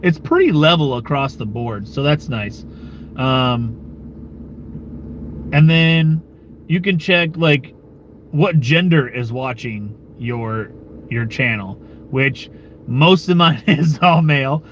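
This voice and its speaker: A man's voice: medium pitch, slow pace, long pauses, slight background noise. A man from the United States hosting his own channel, chatting casually and loosely with live-stream viewers, swearing and chuckling as he goes. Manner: rambling and relaxed, with frequent fillers, swearing and chuckles.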